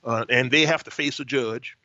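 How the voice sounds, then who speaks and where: An older man, a pastor, speaking earnestly as a talk show guest with frequent pauses on uh. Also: mid-range voice, bright, forceful tone, dry recording. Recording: dull lo-fi sound.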